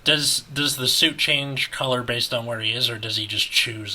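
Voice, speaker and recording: A man's voice: medium pitch, normal speed, sharp tone. A man co-hosting a podcast, talking hesitantly and asking curious questions. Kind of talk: casual podcast chat.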